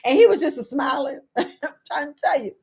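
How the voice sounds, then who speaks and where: A middle-aged woman herbalist, talking casually to her viewers, animated and laughing often. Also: high-pitched, brisk. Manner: animated, laughing, acts out quoted people in a raised voice. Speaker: herbalist host.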